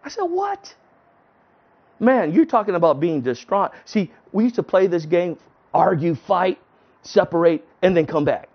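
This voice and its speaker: A man telling a personal testimony in an earnest, halting way, often restarting his sentences. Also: high voice. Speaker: testimony speaker. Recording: dull lo-fi recording.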